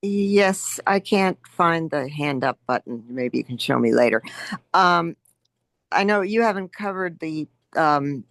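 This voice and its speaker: A woman's voice: deep voice, lively intonation, measured pace, a bit bright, no echo. A woman asking her teacher a careful, hesitant question in an online class over a video call. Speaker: student.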